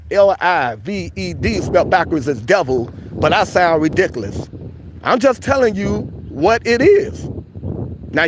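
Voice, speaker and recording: A man's voice: high-pitched, background noise. A man hosting a casual livestream chat, preachy and repetitive, calling his viewers family. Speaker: livestream host.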